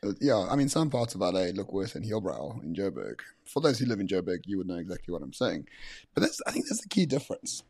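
A man's voice: low-pitched, sing-song, quick pace, darkish tone, slightly rough, no room sound, clean studio sound. A man co-hosting a podcast, talking in an opinionated, emphatic way with sarcastic asides. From South Africa. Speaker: podcast co-host. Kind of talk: casual podcast chat.

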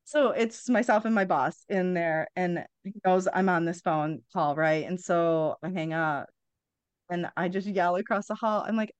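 A woman's voice: medium pitch, moderate pace, smooth, dry recording. A woman in her forties, a podcast guest, telling a candid personal story bluntly, with wry humor and frequent swearing.

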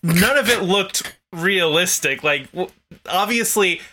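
A man co-hosting a podcast in casual chat, halting and playful as he recaps scenes. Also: high-pitched, animated, sharp tone. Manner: halting, many fillers and restarts, playful. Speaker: podcast co-host.

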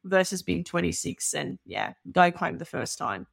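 A woman, a podcast guest telling personal stories in an earnest, animated way, full of "you know". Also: on the low side, normal speed, creaky, dry recording, studio quality. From Balkans. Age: 30s. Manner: earnest and animated, with many filler phrases. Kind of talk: candid personal storytelling.

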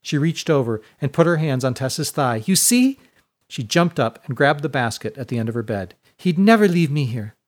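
A man doing a giddy, high-voiced young woman. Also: normal speed, dark tone, husky. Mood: overjoyed. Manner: breathless eager rises, stammers when scared. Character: excitable young woman, naive and hopeful.

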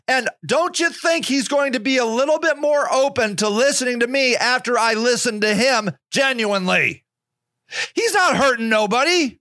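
High, bright-voiced man ranting. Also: animated, normal speed, dry recording, clean studio sound. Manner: ranting, sarcastic, profane, swings into mocking low voices. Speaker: podcast host. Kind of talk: opinionated monologue.

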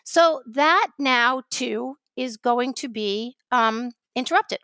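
Woman co-host from New York, high voice, dry studio sound, animated storyteller. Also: no echo. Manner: animated storytelling, quick rants. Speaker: podcast co-host. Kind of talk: casual chat.

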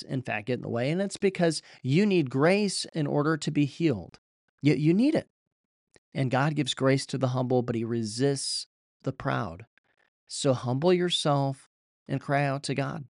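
A man's voice: medium pitch, no room sound, clean studio sound. A man preaching a sermon, reading scripture and then urging listeners in an earnest, repetitive way with frequent restarts.

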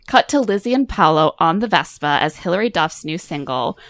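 A woman's voice: lowish voice, animated, normal speed, no echo. A woman recapping a movie's plot in casual chat, acting out quoted lines and laughing often. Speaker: podcast co-host.

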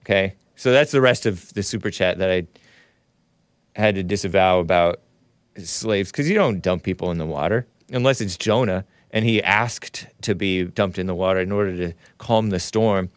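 A man's voice: deep voice, normal speed, clear, resonant tone, no echo. A man hosting a live call-in stream, reading viewer messages in casual talk, often laughing, sighing and groaning in disgust. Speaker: show host reading super chats.

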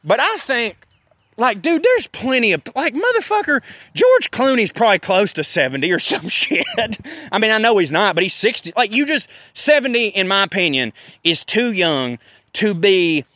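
Man in his thirties, high-pitched voice, dry close sound, profane casual storyteller. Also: moderate pace, no room sound. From American South. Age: 30s. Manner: profane, animated storytelling with laughs. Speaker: podcast host.

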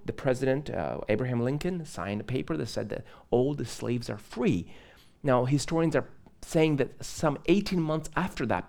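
A man's voice: fairly high pitch, darkish tone. A man preaching a live sermon in church, from Moldova, chatty and conversational, laughing and adding asides. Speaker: pastor.

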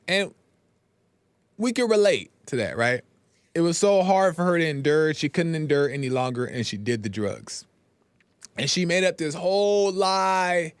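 A man with a slightly higher-pitched voice talks in a loose, conversational way as a podcast host, keeping tabs on his listeners with a frequent "right?". He slips into rough retellings of scenes with quoted lines. The sound is dry and close, with no room echo. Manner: conversational, often checks in with "right?". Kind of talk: casual spiritual talk.

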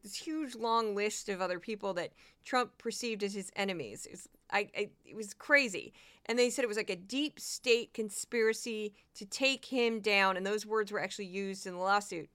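A woman hosting a casual commentary podcast, chatty and prone to quick asides and repeated words. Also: mid-range voice, bright, forceful tone, smooth. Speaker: podcast host.

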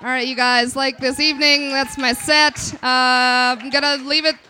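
A woman in her twenties doing a live stand-up set, self-deprecating and crude, with quick asides to the crowd. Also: sits high, level tone, bright, forceful tone, soft background music. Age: 20s. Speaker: stand-up comedian.

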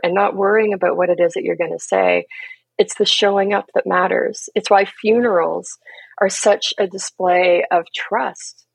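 A gentle, earnest woman coach speaking as a podcast guest. Her lowish voice carries a gravelly, husky edge, and she laughs easily between thoughts. The sound is close and dry, with no room around it. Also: fairly even intonation, normal speed, dry recording, low-quality recording. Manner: gentle and earnest, laughs often, leans on "right?" and "you know". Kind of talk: reflective conversational talk.

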